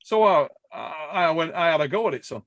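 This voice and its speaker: A man's voice: a little high, brisk, no echo, dull audio. A man hosting a podcast, telling a story in casual chat, swearing and laughing as he goes. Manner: animated, swears a lot, laughs while telling stories. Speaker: podcast host.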